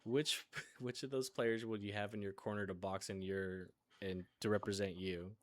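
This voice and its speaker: A man's voice: on the low side, fairly even intonation, normal speed. A man hosting a casual chat, reading playful questions and laughing often. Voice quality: laughs often while asking. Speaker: podcast host asking questions.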